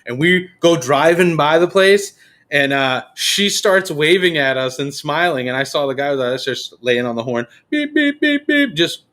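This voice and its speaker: Telling his story at normal speed in a slightly high voice, the man keeps things casual on the podcast. He curses freely and livens it up by acting out the quotes.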